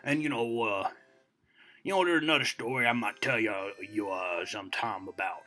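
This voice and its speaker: In a comedic character monologue, a man plays a boastful American storyteller over 60 who rambles, digresses, and packs his folksy talk with "you know" fillers. His mid-range voice is pushed and bright yet natural, at a moderate pace, with soft music in the background.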